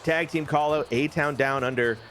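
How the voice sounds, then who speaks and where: A man casually telling the story of his wrestling game matches, jokey and animated. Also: moderate pace, faint music behind. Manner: animated, jokey, briefly puts on high-pitched character voices. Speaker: host booking a wrestling game.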